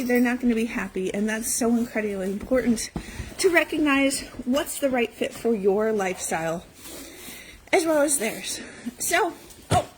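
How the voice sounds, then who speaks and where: A woman with a high, bright voice records a casual morning vlog on her handheld phone. She runs an animal rescue and narrates from a barn among her dogs. She speaks sweetly and affectionately to them, laughing often, with a faint noise underneath. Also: low-quality recording. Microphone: handheld phone camera.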